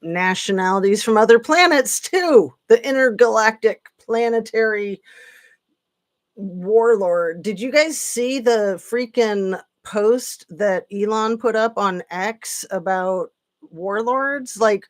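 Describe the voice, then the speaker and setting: A woman's voice: medium pitch, takes it slowly. A woman hosting a live stream, rambling and sarcastic with lots of fillers, tired late at night. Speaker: political commentary channel host. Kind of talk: casual live-stream commentary.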